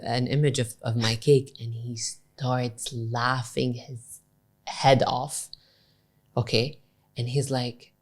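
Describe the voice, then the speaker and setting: A woman co-hosting a podcast, telling a long story in animated casual chat and switching between English and Arabic. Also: very deep voice, measured pace. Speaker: podcast co-host.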